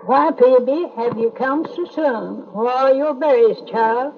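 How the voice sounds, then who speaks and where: Older woman as a gentle poor mother. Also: high voice, slow, slight background noise. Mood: surprised. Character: loving poor mother questioning her young daughter. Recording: tinny lo-fi home tape.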